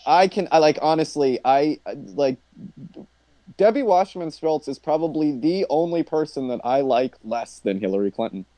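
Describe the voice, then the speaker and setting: Animated, profane man in casual chat. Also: fairly high pitch, normal speed, dry recording. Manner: animated, profane, laughs often. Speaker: podcast host.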